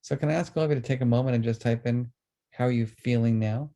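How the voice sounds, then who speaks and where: Presenting a webinar on emotions, a medium-pitched man speaks with earnestness, then calmly walks his listeners through slow breathing.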